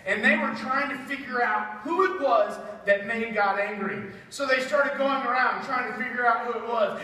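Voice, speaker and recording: A woman teaching a playful Sunday school Bible lesson to children, jokey and animated, swinging from loud bursts to hushed asides. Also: a little high, normal speed, hardly any pauses. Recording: echoey hall from far off.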